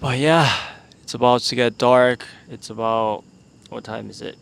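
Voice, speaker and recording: A man's voice: mid-range voice, steady tone, unhurried, vocal fry, a bit bright, clear, resonant tone. A young man hosting a casual solo podcast outdoors in the evening, rambling and unsure as he thinks aloud. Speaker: podcast host.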